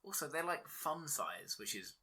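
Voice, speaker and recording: A podcast co-host with a very bright voice and a husky edge. He swears freely and laughs his way through loose, animated banter. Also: on the high side, moderate pace. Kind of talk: casual podcast chat.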